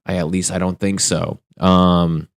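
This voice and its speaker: A young man with a low, deep voice riffs through a crude solo comedy rant, chuckling at his own lines. The sound is dry and close, with no room echo. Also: little pitch movement, a little slow, clean tone. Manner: crude, rambling, laughs at his own jokes. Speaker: podcast host.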